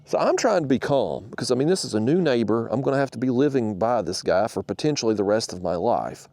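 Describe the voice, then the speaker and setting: A man who hosts a fishing channel, telling a story to the camera in an animated, exasperated rant. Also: mid-range voice, fast talker, no echo.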